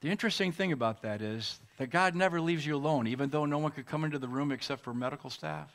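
A man who is a pastor, preaching a sermon and telling a personal story in an earnest, emotional way with pauses. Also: fairly high pitch.

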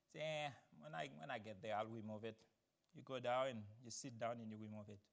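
A man preaching a sermon, swinging from loud, emphatic declarations to quiet, explanatory teaching. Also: medium pitch, a little fast.

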